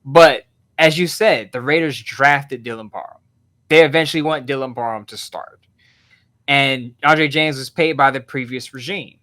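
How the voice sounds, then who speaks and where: A man's voice: mid-range voice, moderate pace. A man co-hosting a sports podcast as an NFL writer, laughing easily and breaking down games with energy. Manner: laughs easily, animated analysis. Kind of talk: casual sports chat.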